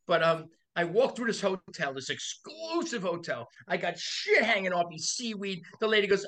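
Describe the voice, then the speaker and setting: A man with a bright, forceful voice, pitched a little high for a man, spins a profane anecdote in loose podcast chat. He laughs through his own stories and jumps into other people's voices as he tells them. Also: big pitch swings, moderate pace. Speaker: body shop owner and podcast guest. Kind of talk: casual storytelling chat.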